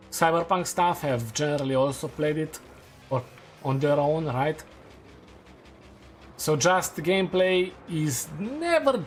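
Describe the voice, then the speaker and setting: A man streaming a game, chatting casually and laughing at his own takes; English is not his first language. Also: fairly high pitch. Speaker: gaming streamer. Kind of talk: casual gameplay commentary.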